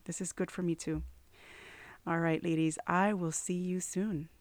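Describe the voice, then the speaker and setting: Earnest lady doing her faith podcast, low-ish voice, lots of "you know", dry mic. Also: steady tone, measured pace, darkish tone, no room sound. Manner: earnest and heartfelt, many "you know" fillers. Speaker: podcast host.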